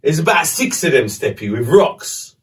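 Brief: man, podcast host, fairly high voice, animated, foul-mouthed storytelling, distant mic. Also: normal speed. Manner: animated, swearing, slangy. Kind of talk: casual storytelling.

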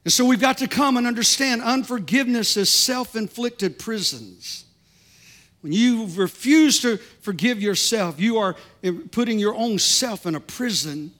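A man's voice: sits high, lively intonation, measured pace, a bit bright. A man preaching a sermon as pastor, building to fervent repeated declarations. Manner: preaching with rising fervor, repetitive declarations.

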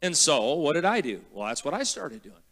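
Emphatic male preacher, higher voice. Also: sing-song. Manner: emphatic, builds to shouting praise; repeats words slowly for teaching. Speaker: guest pastor. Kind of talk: sermon.

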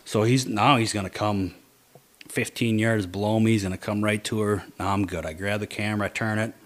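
A man telling a hunting story in casual chat, animated, dropping to low mutters to quote his own thoughts.

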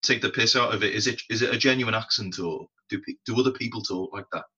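A man's voice: fairly low pitch, quick pace, sharp tone, husky. A man co-hosting a podcast, chatting casually with wry jokes. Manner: wry, joking asides. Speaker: podcast co-host. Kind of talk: casual chat. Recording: dull lo-fi podcast audio.

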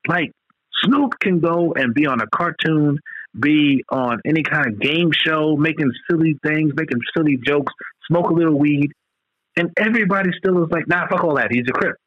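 A man's voice: on the high side, moderate pace, no echo, highs cut off. A man in casual podcast chat, talking loosely and profanely, rambling between points with lots of restarts.

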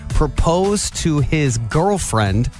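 A man hosting a morning radio show, his voice sitting a little high as he jokes and chuckles through puns. He talks casually from a studio, with a faint music bed playing under him. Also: big pitch swings, extremely slow, a little mellow. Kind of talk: casual on-air banter.

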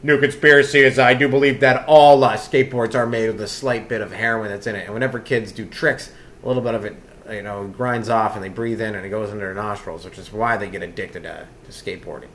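A man's voice: on the low side, steady tone, quick pace, fairly bright tone. Rambling comedy podcast host, male, loose and meandering delivery, faint hiss behind him. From Canada. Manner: loose, meandering, full of fillers and asides.

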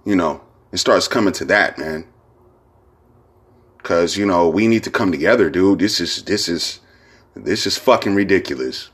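A man's voice: low-pitched, moderate pace, fairly bright tone, husky. A man hosting his own podcast, talking in a loose, rambling way with lots of slang and profanity and repeated "you know what I'm saying". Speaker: podcast host. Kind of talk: casual solo podcast monologue.

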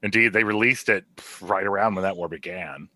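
A man's voice: sits low, bright, forceful tone. A man co-hosting a podcast who describes the music in vivid, profane images. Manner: vivid, profane, quick to laugh. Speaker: podcast co-host. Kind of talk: casual music review chat.

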